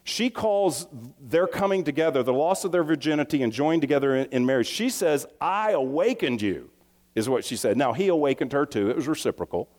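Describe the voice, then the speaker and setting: Man, pastor, sermon, fairly high voice, animated and chatty, long hall reverb. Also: fast, few pauses. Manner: lively, conversational preaching with many restarts and asides.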